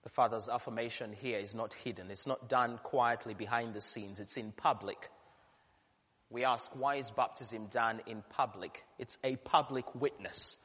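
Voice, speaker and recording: A man, a pastor, delivering a sermon with earnest emphasis that swells to loud peaks. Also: mid-range voice, steady tone, normal speed, breathy edge. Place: church. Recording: long church reverb.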